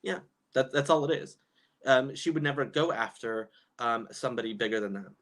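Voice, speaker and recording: A man's voice: medium pitch, normal speed, fairly bright tone. A young man hosting a casual livestream commentary, chatting and reading viewers' comments aloud with plenty of fillers and restarts. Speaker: YouTube commentary host.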